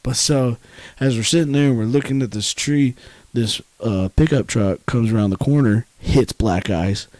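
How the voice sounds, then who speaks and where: A man's voice: medium pitch, moderate pace, darkish tone, dry recording. A young man casually telling a story on a podcast, laid-back, swearing freely and laughing often. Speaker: podcast co-host.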